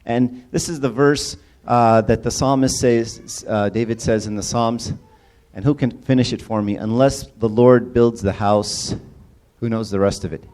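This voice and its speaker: Mellow-voiced man giving a casual sermon. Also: mid-range voice, unhurried. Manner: casual, engages audience with questions and repeated "right?". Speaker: church speaker. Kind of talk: conversational sermon talk.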